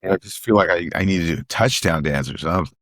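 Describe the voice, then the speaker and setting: A middle-aged man with a fairly low voice tells stand-up road stories in an easy, chatty way. He leans on repetition for emphasis and acts out other people's voices as he goes. The sound is dry and close, with no room around it. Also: very fast, fairly bright tone, dry recording. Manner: repeats phrases for emphasis, acts out quoted voices. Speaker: guest comedian. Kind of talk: casual storytelling chat.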